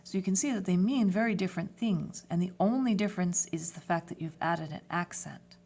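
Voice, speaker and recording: Female teacher, lowish voice, patient instructional delivery mixing English and French terms. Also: a little fast, darkish tone. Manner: clear, step-by-step instruction. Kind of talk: classroom lesson.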